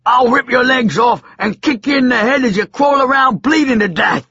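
A man's voice: very high voice, moderate pace, bright, forceful tone, lo-fi sound, pitched above the performer's own voice, heavily acted. A man voicing a huge demon-possessed madman in an audiobook, bellowing threats and turning sly and mocking. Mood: raging. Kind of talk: audiobook character voice.

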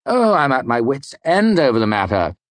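This mid-range male voice swings widely in pitch at a normal speed, pushed up yet close to everyday speech, on a dry recording. He's reading an audiobook as a tired, cranky middle-aged mayor, curt, brusque and exasperated.

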